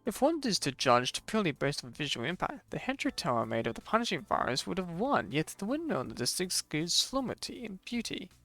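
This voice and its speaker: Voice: mid-range voice, big pitch swings, brisk, hardly any pauses, fairly bright tone, soft background music. A streamer reading a game story aloud, stumbling over hard words and adding chatty asides.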